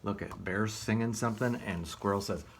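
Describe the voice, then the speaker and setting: A man reading a picture book aloud as a children's librarian, gently asking the listener questions. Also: on the low side, moderate pace, a little hiss or hum.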